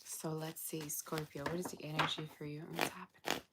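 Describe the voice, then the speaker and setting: Low-voiced tired woman reading tarot. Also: little pitch movement, brisk, heavy background noise. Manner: chatty, blunt, exasperated asides. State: tired, yawning. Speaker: tarot reader. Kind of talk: casual livestream tarot reading.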